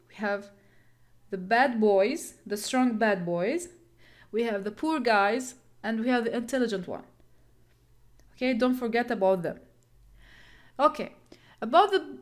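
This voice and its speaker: A woman teaches English at an unhurried pace. Her voice sits fairly high, and she repeats key points patiently, giving the terms playful nicknames. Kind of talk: explaining lesson material.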